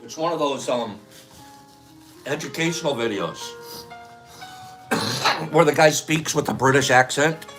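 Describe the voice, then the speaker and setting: A man's voice: mid-range voice, measured pace, long pauses, a bit bright, soft background music. A man hosting a live stream in a casual, playful way, greeting viewers by name and teasing them. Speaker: livestream host.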